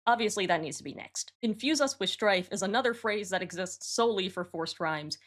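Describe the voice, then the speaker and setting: A woman's voice: mid-range voice, expressive, fairly quick, fairly bright tone. A woman hosting her own channel, giving matter-of-fact, analytical commentary as she reworks song lyrics. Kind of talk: explanatory commentary to camera.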